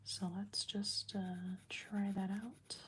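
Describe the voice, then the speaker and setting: A woman hosting a livestream, chatting casually in a soft whisper while she colors, leaning close to the microphone. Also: mid-range voice, flat delivery, takes it slowly, a little hiss or hum. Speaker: livestream host. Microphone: close, leaning right over the microphone.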